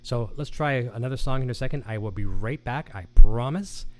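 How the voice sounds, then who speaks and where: A man's voice: medium pitch, fairly quick, a little hiss or hum. A man hosting a guitar gear show, chatting casually, telling corny jokes and reading viewer comments aloud on a live stream.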